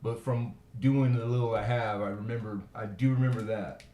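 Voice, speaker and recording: A man's voice: fairly low pitch, fairly even intonation, normal speed, warm tone, a little hiss or hum. Chatty man running a coin auction. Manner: chatty, rambling storyteller between bids. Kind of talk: casual live-stream auction chat. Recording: echoey room.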